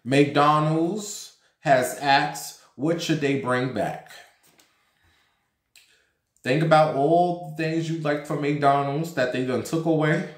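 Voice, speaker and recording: A man's voice: fairly high pitch, slow. A man from New York with a sassy, campy, profane manner, casually chatting about celebrity gossip as the host of his own vlog. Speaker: gossip vlogger. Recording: roomy, echoey home room.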